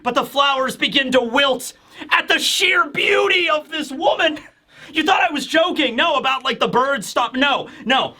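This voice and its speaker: High, bright-voiced man reviewing manga. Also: moderate pace. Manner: animated, laughs often, acts out characters. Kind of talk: casual chapter review commentary.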